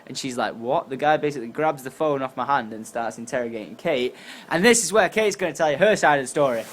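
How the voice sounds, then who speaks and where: Casual storyteller, young man, tired but animated, faint hiss behind. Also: fast. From England. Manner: animated, acts out quotes with jumps in pitch and volume. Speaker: YouTuber.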